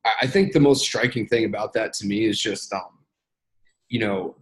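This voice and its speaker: A man's voice: lowish voice, moderate pace. A man hosting a podcast interview, talking casually and swearing now and then. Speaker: podcast host.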